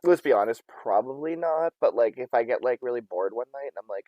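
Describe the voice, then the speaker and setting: Lively young man on a dry mic. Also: medium pitch, fairly quick, no echo, lo-fi sound. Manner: animated, acts out his own thoughts in asides. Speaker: podcast guest. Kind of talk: casual chat.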